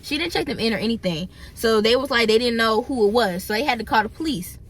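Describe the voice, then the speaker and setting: A young woman, telling viewers a storytime in an animated, chatty way. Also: a little high, fast. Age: young adult. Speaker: vlogger. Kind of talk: storytime vlog.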